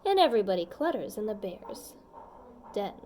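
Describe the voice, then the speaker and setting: A woman reading a children's picture book aloud, gentle and expressive, pausing to chat with young listeners. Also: medium pitch, a little hiss or hum. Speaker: storybook reader.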